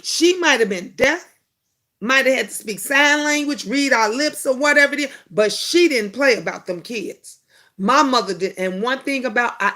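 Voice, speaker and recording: A middle-aged woman hosting a casual live chat, answering viewer comments and telling animated family stories. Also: on the high side. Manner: animated storytelling, acting out family quotes. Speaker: host of a live chat show.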